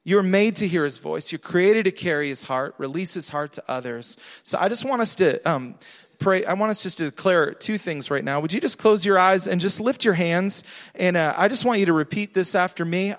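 A man with a fairly high voice preaches in a church hall with long reverb. He swings between soft, close urging and loud, emphatic declarations. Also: normal speed. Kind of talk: sermon.

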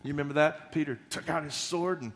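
A pastor giving a sermon, retelling scripture in a folksy, animated way with joking asides. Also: male voice, fairly high pitch, fast talker.

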